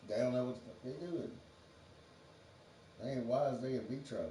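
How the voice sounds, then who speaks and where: A man's voice: mid-range voice, normal speed, mellow. A man on a livestream, rambling through a profane, free-associating monologue and laughing often. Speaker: livestream host. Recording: roomy, distant from the mic, faint background noise.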